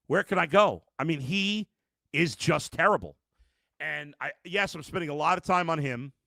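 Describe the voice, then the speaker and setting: A middle-aged man with a fairly high, sharp voice marked by vocal fry speaks at normal speed, with no echo. Hosting a live postgame sports reaction podcast, he rants emphatically at the viewers, calls them folks, and restarts often.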